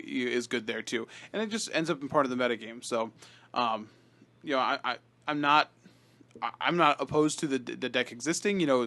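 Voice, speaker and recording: Man, podcast co-host, casual chat, animated, many fillers and restarts. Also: mid-range voice. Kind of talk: casual chat about card game.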